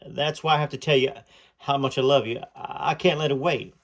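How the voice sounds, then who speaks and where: A man's voice: mid-range voice, fairly even intonation, brisk, fairly bright tone. A man voicing an earnest, hopeful young man in love, speaking in a heartfelt, pleading way.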